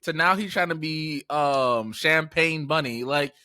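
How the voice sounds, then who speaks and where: A man co-hosting a podcast in casual, profane chat, swinging into high, excited outbursts. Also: unhurried, no echo, clean studio sound. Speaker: podcast co-host.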